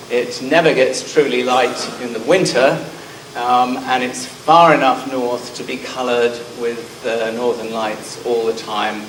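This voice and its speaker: A man's voice: medium pitch, a little hiss or hum. Man with a southern English accent in a hall. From Scotland. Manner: self-deprecating, frequent ums. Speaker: conference speaker. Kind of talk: conference presentation. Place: conference hall. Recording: roomy hall sound from a distance.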